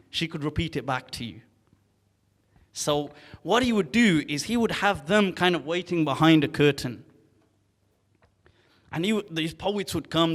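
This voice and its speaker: Animated man telling a story in a reverberant hall. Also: on the high side. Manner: animated, acts out the characters' lines; recites classical Arabic poetry rapidly and rhythmically. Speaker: Islamic scholar telling a story. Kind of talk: casual storytelling talk.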